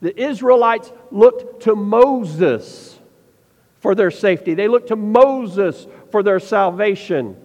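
A man preaching a sermon, asking the listeners pointed questions and slowing down to stress his points. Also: high voice, expressive, a little mellow. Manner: preaching with rhetorical questions and slowed emphasis. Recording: dull sound with long reverb.

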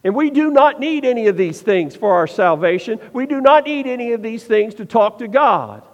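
A man preaching a sermon, asking the listeners pointed questions and slowing down to stress his points. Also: extremely high pitch, expressive. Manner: preaching with rhetorical questions and slowed emphasis. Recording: dull sound with long reverb.

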